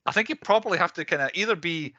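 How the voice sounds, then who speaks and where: Bright-voiced man reviewing films. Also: high-pitched, rapid-fire, no echo, highs cut off. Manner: chatty, laughs often, runs through categories. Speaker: podcast co-host. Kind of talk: casual film-review chat.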